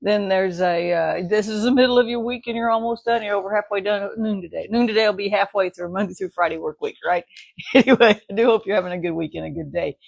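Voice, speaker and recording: A woman's voice: medium pitch, fast talker, creaky, no room sound. A woman giving a casual morning devotional as a Bible study teacher, chatty and rambling, often laughing and asking "right?".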